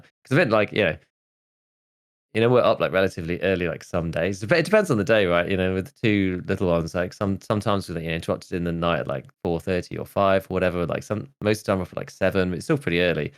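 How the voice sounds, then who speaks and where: A podcast host in his thirties talks in a very low, deep voice. He rambles through casual chat, stacking "like" and half-finished starts as he works his way to a point. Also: fast. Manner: rambling, full of "like" and restarts.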